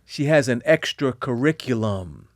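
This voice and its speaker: A man talks as a guest on a podcast, spinning personal stories with lively swings between quiet asides and loud emphasis. His voice sits at an ordinary middle pitch. The sound is close and dry, with no room echo. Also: unhurried. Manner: animated storyteller, lively swings in pitch and volume. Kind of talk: candid conversational interview.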